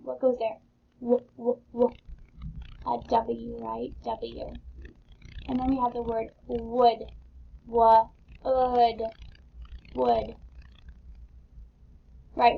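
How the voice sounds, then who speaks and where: With a voice on the high side, vocal fry, and a breathy edge, a woman teaches young children a phonics lesson. She is patient and encouraging, spelling words letter by letter, and the recording has a dull lo-fi sound.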